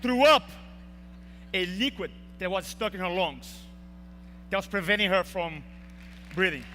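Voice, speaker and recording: Bright-voiced man telling a story on stage. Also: high-pitched, lively intonation, measured pace. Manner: emotional storytelling with acted quotes. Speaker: speaker. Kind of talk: motivational speech. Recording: reverberant hall with faint hum.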